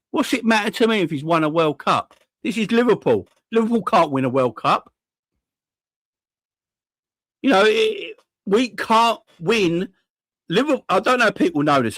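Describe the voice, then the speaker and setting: A young fan channel host in a fairly high, slightly bright voice angrily rants about his team's defeat. He curses, repeats himself, and throws out rhetorical questions, and the recording has no echo.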